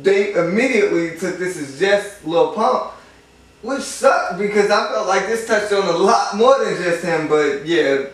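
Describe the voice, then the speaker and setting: High-voiced man, echoey room. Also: lively intonation, measured pace. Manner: rambling, profane, lots of fillers. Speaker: album reviewer. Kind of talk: casual chat. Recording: echoey room, far from mic.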